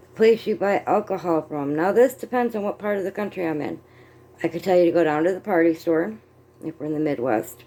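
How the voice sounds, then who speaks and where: A middle-aged American woman talking in a relaxed, rambling way, amused at herself as she goes. Her voice is warm and fairly low, and she sounds like she is chatting from home while crocheting and checking notes. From United States. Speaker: vlogger. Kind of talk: casual chat.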